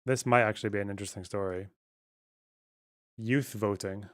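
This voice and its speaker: A man's voice: on the low side, fairly even intonation, moderate pace, fairly bright tone. A man with a Scottish accent, casually reading and answering viewer chat on a livestream in a blunt, sarcastic, profane way. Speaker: streamer.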